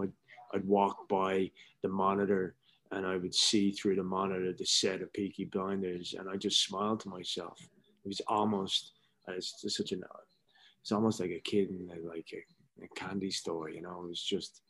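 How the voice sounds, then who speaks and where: A middle-aged man, an actor being interviewed, telling candid anecdotes in casual talk and swearing freely. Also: sits low. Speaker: actor guest.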